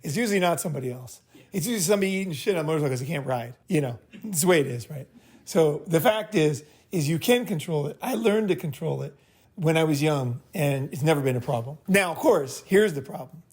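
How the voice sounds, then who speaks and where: Quick and expressive, with a slightly rough, higher-pitched voice, a man runs a group meeting and offers casual advice. He rambles, swears bluntly, and checks in with "right?" after every point.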